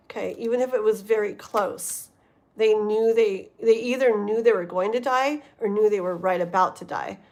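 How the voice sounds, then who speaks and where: A woman's voice: mid-range voice, a little mellow. A woman giving a livestream tarot reading, rambling and often checking in with her listeners. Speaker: tarot reader.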